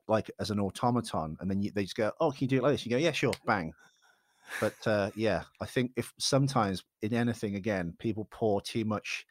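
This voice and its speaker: A man's voice: fairly low pitch, no echo, studio quality. A man, an actor, talking in a casual interview in a reflective, rambling way that often corrects itself. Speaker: actor guest.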